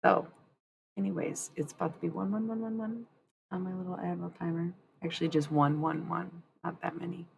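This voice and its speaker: A woman's voice: fairly low pitch, steady tone, brisk, vocal fry, dull audio. A woman chatting casually on a live stream, rambling and candid, swearing freely. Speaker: livestreamer.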